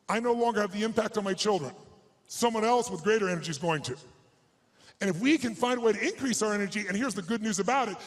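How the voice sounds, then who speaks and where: A man with a strikingly high, gravelly voice works a live audience in a big hall as a motivational speaker. He fires rhetorical questions at the crowd and commands them to act, breaking into rousing shouts. His delivery is fry-laden and relentless. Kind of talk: high-energy seminar talk to a live audience.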